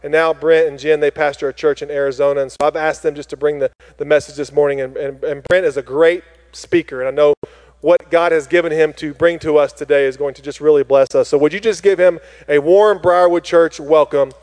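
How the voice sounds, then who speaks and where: A pastor welcomes his congregation with upbeat energy, his voice sitting a touch higher than most men's. He makes announcements and introduces the guest speaker, and a long church echo trails each phrase. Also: steady tone, a little fast, darkish tone. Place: church sanctuary. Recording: long hall reverb in a church.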